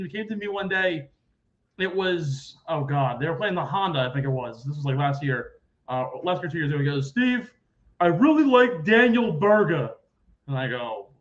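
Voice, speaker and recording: A man hosting a casual sports podcast, talking in an animated, rambling way and acting out quoted people loudly. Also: high voice, dull audio. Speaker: podcast host.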